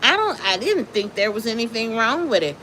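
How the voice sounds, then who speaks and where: A woman chatting casually on a live stream, telling a story with animated energy and greeting her chat viewers. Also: fairly high pitch, fairly quick, slight background noise.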